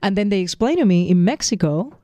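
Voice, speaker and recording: A man with a high voice chats on a podcast, telling stories with lively acted-out quotes. His tone is dark and mellow, recorded dry and close. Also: fairly quick, no room sound. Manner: animated storyteller, acts out quotes in a higher voice. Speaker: podcast co-host. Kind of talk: casual chat.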